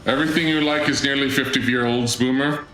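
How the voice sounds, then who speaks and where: A streamer hosting his own channel jokes around with chat during live gameplay, putting on a playfully grandiose act. His medium-pitched voice is bright and forceful, fairly even in intonation, and a little fast. The audio is echoey with game music underneath.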